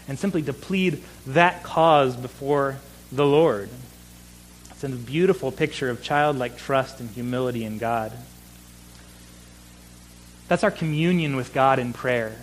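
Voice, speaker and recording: A man's voice: medium pitch, expressive, normal speed, slight background noise, low-quality recording. A man preaching a sermon, earnest, often repeating words for emphasis. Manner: earnest, repeats words when stressing a point. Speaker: pastor.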